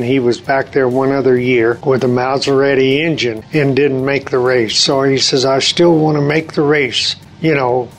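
A man's voice: mid-range voice, poor audio. A man in his seventies, a retired racer telling long anecdotes in an interview, acting out old conversations and restarting his sentences often. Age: 70s. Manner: rambling anecdotes, acts out quoted dialogue, frequent restarts. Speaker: retired race car driver, interview guest.

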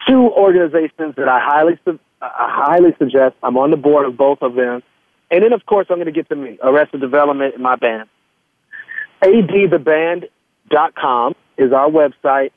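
A man's voice: on the high side, moderate pace, no room sound. A man who is a musician, a guest in an interview, speaking earnestly and spelling out names and web addresses. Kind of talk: casual interview talk. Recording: tinny dry phone line.

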